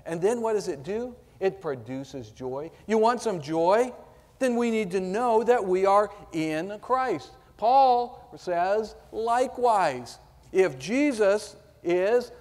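A man preaching a sermon as pastor, slow and emphatic, asking the congregation rhetorical questions while reading and explaining scripture verse by verse. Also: high voice, darkish tone, long reverb tail. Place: church sanctuary.

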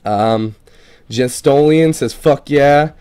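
A man's voice: mid-range voice, takes it slowly, dark tone, clean tone. Casual, profane gaming video man. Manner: loose and profane, swears casually; stumbles over unfamiliar names. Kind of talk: casual reading of viewer comments.

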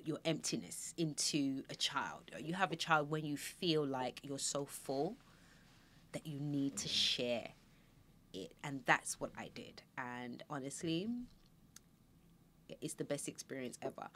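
A woman hosting a podcast, chatting casually and acting out little quoted scenes. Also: deep voice. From Nigeria. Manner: chatty, animated storytelling with acted-out quotes. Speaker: podcast host. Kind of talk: casual chat.

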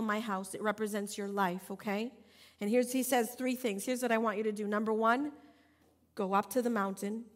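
A woman pastor delivering a sermon, emphatic and repetitive, with playful asides. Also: fairly high pitch.

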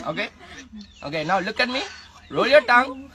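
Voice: medium pitch, lively intonation, moderate pace. A speaker playing a bossy, exasperated language teacher in a comedy skit, laughing often. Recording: loud background noise.

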